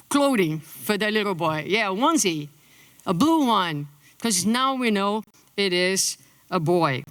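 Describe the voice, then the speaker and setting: A middle-aged woman from Brazil, a native Portuguese speaker with a Brazilian accent, giving a conference lecture in an animated way. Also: mid-range voice, measured pace, dry recording. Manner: animated, acts out quotes in a lifted voice.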